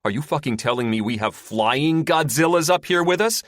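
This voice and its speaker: A man's voice: a little high, expressive, normal speed, a bit bright, dry recording, studio quality, pitched above the performer's own voice. A man voicing a brash, commanding male fighter pilot who barks orders and swears in an audiobook. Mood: shouting. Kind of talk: audiobook character voice.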